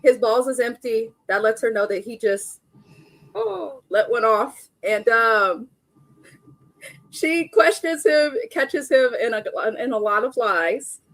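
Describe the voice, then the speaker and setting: A woman's voice: a little high, expressive, slow, dry recording. A young adult woman hosting a live stream, giving a casual, blunt recap of a reality show with frequent chatty asides.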